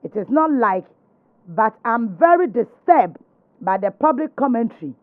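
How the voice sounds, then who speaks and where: A radio host, heard over a tinny, phone-like line with a dry sound. The speech is halting, with stumbles over longer words. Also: mid-range voice, very animated, no room sound. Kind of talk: radio discussion.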